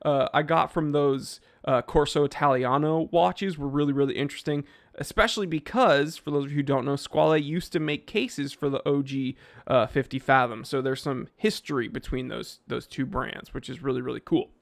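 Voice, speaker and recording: A man hosting a casual live stream, reading viewer names and chatting in an animated way, with frequent fillers and restarts on a microphone he sometimes bumps. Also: mid-range voice, normal speed, vocal fry. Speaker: livestream host answering chat.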